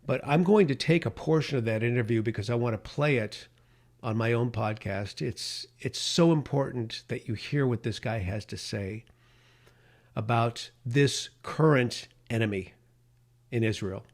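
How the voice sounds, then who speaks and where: A man's voice: mid-range voice, measured pace. Impassioned middle-aged male radio host. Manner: impassioned, emphatic. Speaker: radio talk show host. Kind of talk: podcast monologue.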